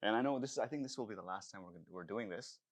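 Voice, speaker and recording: A man's voice: lowish voice, very fast. A man co-hosting a casual comedy chat show, mixing Hindi and English as he tells jokes. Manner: switches between Hindi and English, telling jokes. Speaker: co-host.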